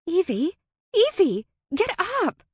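A woman voicing an excitable young woman friend who talks shrill and eager, in a storybook reading. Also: takes it slowly, no echo, studio quality, full character voice. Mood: excited.

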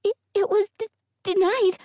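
A squeaky stammering hooved creature girl. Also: animated, measured pace, dark tone, no echo, clean studio sound. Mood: frightened stammering. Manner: nervous stammering. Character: timid young hooved horned female creature, stammering.

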